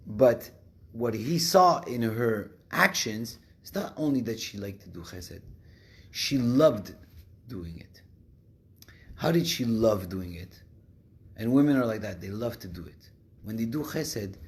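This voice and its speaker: Male teacher, mid pitch, halting delivery, restarts often mid-sentence. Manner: halting, many restarts, switches between languages. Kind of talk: religious class talk.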